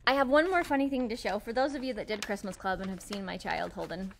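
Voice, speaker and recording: A woman hosting a casual live stream from a quilt shop, chatty and quick to laugh. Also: mid-range voice, creaky, a bit bright, slight background noise.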